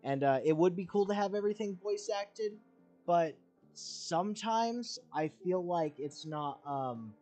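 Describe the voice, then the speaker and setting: A man's voice: high voice, lively intonation, a little slow, dark tone, faint music behind. A young man streaming a game, talking in casual commentary, rambling and candid, with frequent fillers and the odd curse.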